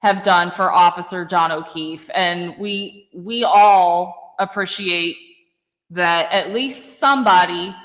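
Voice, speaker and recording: A woman's voice: lowish voice, slow, fairly bright tone, in a large hall. A woman hosting a casual true-crime chat, effusive and blunt, swearing casually. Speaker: podcast host.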